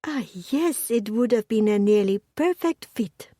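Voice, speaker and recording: A woman's voice: lively intonation, unhurried, no echo, studio quality. A woman voicing a petite, bubbly dressmaker with a thick French accent, in a storybook reading. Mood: effusive. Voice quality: high and loud, effusive.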